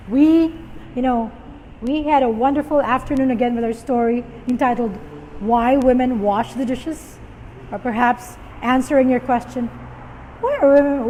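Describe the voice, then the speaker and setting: A high-pitched woman gives a patient vocabulary lesson and repeats each word for listeners to echo. Her voice has a long reverb tail, with faint vehicle noise behind it. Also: darkish tone. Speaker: storytelling teacher. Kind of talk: teaching vocabulary to viewers.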